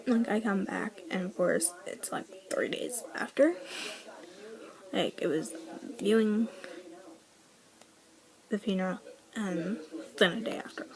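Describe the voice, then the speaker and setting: A woman's voice: medium pitch, animated, slow, creaky, long pauses, a crowd in the background, rough recording. An eighteen-year-old woman vlogging a personal story in a chatty, rambling way, filling her talk with "like" and whispering the lines she quotes. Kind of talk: casual storytelling.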